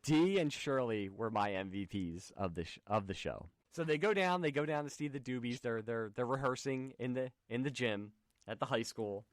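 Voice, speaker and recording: A man at a mid pitch hosts a podcast, chatting loosely through a recap full of restarts and asides. His voice sounds close and dry. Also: normal speed, no room sound. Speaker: podcast host. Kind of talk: casual chat.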